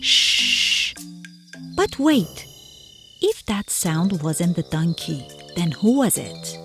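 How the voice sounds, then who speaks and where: A woman's voice: fairly low pitch, slow. A young woman voicing a friendly, curious cartoon guide who coaxes a child along, talking straight to the viewer. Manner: animated, coaxing, speaks straight to the viewer. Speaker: cartoon voice actor. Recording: clear music underneath.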